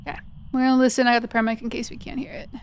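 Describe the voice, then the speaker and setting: A woman live-streaming a video game, chatting with viewers and explaining mechanics, her voice cracking and going hoarse. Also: a little high, level tone, very fast. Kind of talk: live gaming commentary.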